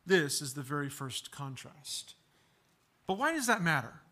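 A man's voice: a little high, big pitch swings, measured pace, sharp tone. A man preaching a sermon, earnestly asking rhetorical questions and acting out bits of dialogue. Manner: asks rhetorical questions and acts out quoted dialogue; earnest, repeats words as he builds points. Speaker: pastor.

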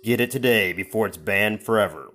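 A man's voice: on the low side, fairly quick, fairly bright tone. A man reading a scripted advertisement in a dramatic, announcer-like way. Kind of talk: scripted ad read.

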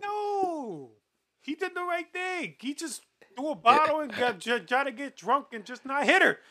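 A man hosting a casual podcast chat, animated and argumentative, often repeating himself. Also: very high voice, normal speed. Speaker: podcast host.

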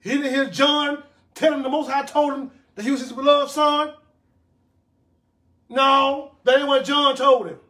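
A man's voice: extremely high pitch, steady tone, measured pace, sharp tone. A man preaching a sermon, reading scripture aloud and repeating words for emphasis.

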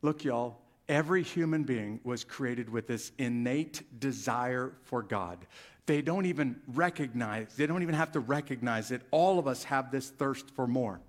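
Speaking unhurriedly in a mid-range voice, a man delivers a sermon as pastor, growing louder and more emphatic on the key phrases in animated preaching.

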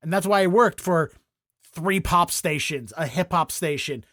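A man's voice: fairly high pitch, a little slow, no echo, clean studio sound. A man from the Baltimore area hosting a casual podcast chat, telling stories with frequent laughs. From Baltimore area, USA. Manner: laughs often, animated storytelling. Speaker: podcast host.

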